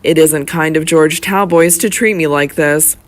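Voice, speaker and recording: An audiobook reader voicing a grave, earnest young gentleman barrister. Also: medium pitch, unhurried, close to an everyday voice. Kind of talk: audiobook character reading.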